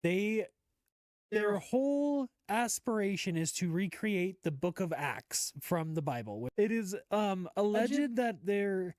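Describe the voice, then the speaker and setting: A woman's voice: mid-range voice, slow pace, no room sound, studio quality. A young woman co-hosting a casual podcast, laughing and swearing freely as she tells a story. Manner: giggly, animated, swearing freely. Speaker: podcast co-host.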